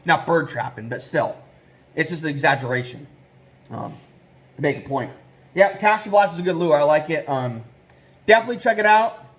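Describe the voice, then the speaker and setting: A man with a fairly high voice chats loosely to his viewers. He rambles, fills gaps with ums and gets easily worked up. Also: fairly quick, long pauses. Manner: rambling and excitable, with many fillers. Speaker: trapping vlogger. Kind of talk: casual vlog talk.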